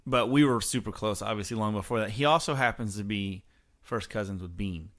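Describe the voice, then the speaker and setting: Low-ish voiced guy guesting on a podcast, laid back, rambles through his stories. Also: brisk, a bit bright. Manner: easygoing, rambling storyteller. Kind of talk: casual chat.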